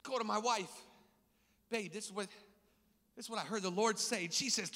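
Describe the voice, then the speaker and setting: Fervent high-voiced male preacher, reverberant hall. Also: normal speed, long pauses. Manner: fervent, builds to shouting and sing-song cadence. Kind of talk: sermon. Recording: long reverb of a large hall.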